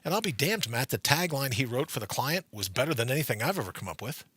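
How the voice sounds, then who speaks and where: A man's voice: medium pitch, fast, slightly rough, no echo. A man co-hosting a studio podcast, chatting casually and acting out the people in his anecdotes. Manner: animated storyteller, acts out voices in anecdotes. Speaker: co-host. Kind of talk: casual chat.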